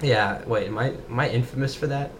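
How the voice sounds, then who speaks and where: A man's voice: mid-range voice, a little fast. Teen guy rambling about football and drawing, mid voice, light hiss. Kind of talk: casual chat. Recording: faint background hiss.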